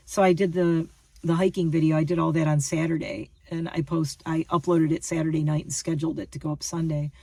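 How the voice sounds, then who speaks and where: A woman's voice: deep voice, steady tone, fairly quick, vocal fry, dark tone, dry recording, far from the mic. A woman rambling through a casual vlog monologue, chatty and self-deprecating. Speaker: vlogger.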